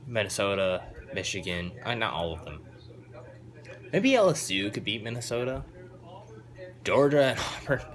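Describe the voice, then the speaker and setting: A young man ranting about football to camera in an excitable, rambling, opinionated way. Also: medium pitch. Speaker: vlogger. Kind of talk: casual sports rant to camera.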